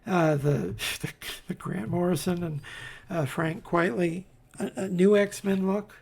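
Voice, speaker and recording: Gravelly, husky-voiced man, slow and wry. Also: sits high, steady tone. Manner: rambling, wry asides, many fillers and restarts. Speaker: comics reviewer. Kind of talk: casual commentary while paging through comics.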